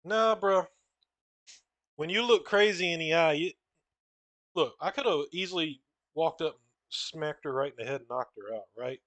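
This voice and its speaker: A man's voice: on the high side, moderate pace, fairly bright tone, no echo. Profane rambling guy, dry sound. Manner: rambling, profane, says "bro" and "dude" a lot. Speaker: comic artist drawing on stream. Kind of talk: casual storytelling while drawing.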